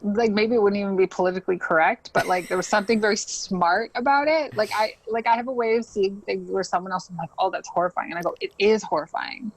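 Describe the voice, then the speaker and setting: A woman's voice: medium pitch, fast talker, few pauses, dry recording, rough recording. A young adult woman chatting casually as a podcast guest, laughing often and filling her talk with likes and ums. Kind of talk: casual interview chat.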